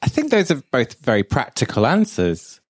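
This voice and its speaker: A man's voice: medium pitch, wildly swooping pitch, moderate pace. A man appearing as a guest on a live podcast show, reading confessions and giving dry, matter-of-fact answers. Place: live venue with audience.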